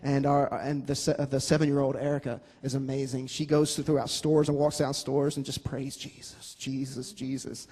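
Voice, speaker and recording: A man telling a personal testimony to a gathering, animated and joking as he talks. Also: mid-range voice, fairly quick, few pauses, slightly rough. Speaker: guest sharing his testimony. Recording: long hall reverb.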